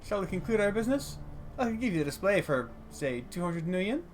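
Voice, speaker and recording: A man's voice: high-pitched, very animated, brisk, slight background noise, voice pushed up. A man doing a polite dwarf shopkeeper woman. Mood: courteous. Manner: formal, courteous trader.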